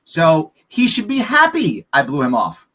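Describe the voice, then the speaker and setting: A man's voice: a little high, wildly swooping pitch, unhurried, sharp tone. A man being interviewed on a podcast as a political candidate, talking emphatically and bluntly, firing off rhetorical questions. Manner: profane, frank.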